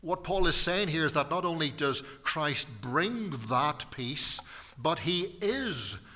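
A man's voice: on the high side, lively intonation, slow pace, sharp tone, in a large hall. A man preaching a sermon in church, emphatic and repeating key phrases for weight.

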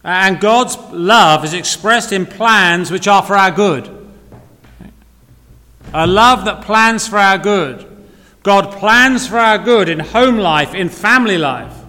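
A man's voice: high-pitched, slow pace, bright, forceful tone. A man preaching a sermon, earnest, repeating key phrases and asking rhetorical questions. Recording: long reverb of a hall.

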